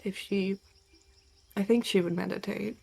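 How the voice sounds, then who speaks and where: Gravelly-voiced woman thinking aloud. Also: mid-range voice, steady tone, measured pace, a little mellow, faint music behind. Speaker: player. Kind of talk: casual tabletop play.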